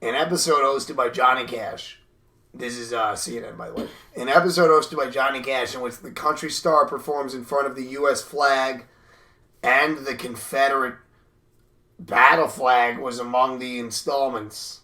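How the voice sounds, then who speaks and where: A man's voice: mid-range voice, fairly even intonation, normal speed, sharp tone. A man co-hosting a podcast in casual, profane, rambling chat, laughing often. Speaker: podcast co-host.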